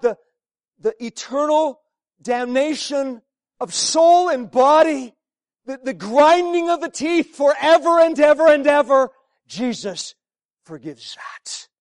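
Male preacher with a very high voice and a dry, close sound; his delivery swings from hushed near-whispers to shouting, with repeated phrases for emphasis. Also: no room sound. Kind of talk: sermon.

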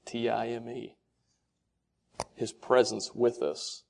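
A man giving a sermon-style talk to fathers, asking rhetorical questions and quoting scripture, his delivery swinging between soft and loud. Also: mid-range voice, little pitch movement, takes it slowly, vocal fry. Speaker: speaker addressing fathers.

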